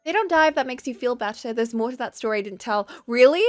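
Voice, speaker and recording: Lively, chatty woman streamer. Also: on the high side, fast, no echo, clean studio sound, faint music behind. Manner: lively, chatty, laughs often, reacts with gasps. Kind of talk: live let's play, reading game text aloud and chatting.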